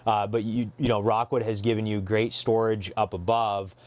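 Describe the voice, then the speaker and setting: A man with a fairly low voice leads a relaxed walkthrough, talking with obvious enthusiasm. He fills his talk with ums and you-knows and often restarts his sentences mid-thought. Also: normal speed. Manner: eager, filler-heavy, self-correcting. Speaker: dealership host showing a trailer. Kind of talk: casual walkthrough with a colleague.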